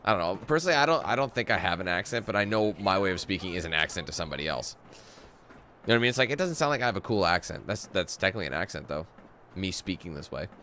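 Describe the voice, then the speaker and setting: A man's voice: deep voice, expressive, fast talker, pushed and bright, a little hiss or hum. A Canadian man giving casual gameplay commentary, chatty and loose, swearing casually as he plays. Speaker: gaming commentator.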